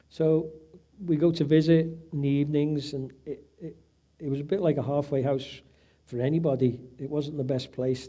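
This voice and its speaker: A medium-pitched, mellow voice belongs to a middle-aged man offering emotional personal testimony at an event. He is a patient's husband and acts out the voices of those he quotes.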